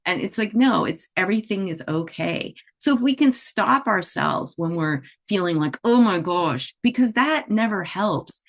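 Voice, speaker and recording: A woman's voice: medium pitch, lively intonation, normal speed, hardly any pauses. A middle-aged woman teaching animal Reiki in a conversational way, with frequent "you know" and "right?" asides.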